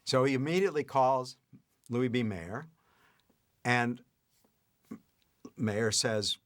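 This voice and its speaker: An older man telling a family anecdote in a lively way, chuckling as he goes. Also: mid-range voice, slow pace, pauses often. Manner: lively retelling with acted-out quotes and chuckles. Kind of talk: anecdotal storytelling.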